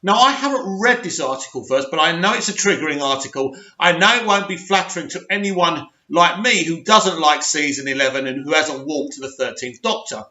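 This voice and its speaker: A man's voice: a little high, fairly quick, few pauses, pushed and bright. A man hosting his own channel, reading and mocking an article in a sarcastic, scornful rant. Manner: sarcastic, scornful, laughs often. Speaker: channel host. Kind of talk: ranting reaction commentary. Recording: echoey room, dull lo-fi sound.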